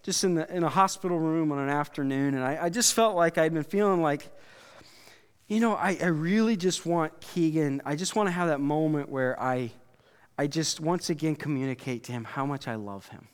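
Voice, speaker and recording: A middle-aged man preaches in a loose, conversational way, stopping and restarting his sentences and turning to his listeners. His voice sits a little high and sounds smooth and resonant. It carries through a large room with a long reverb. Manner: conversational, halting, with many restarts and asides to the audience. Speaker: pastor. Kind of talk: sermon.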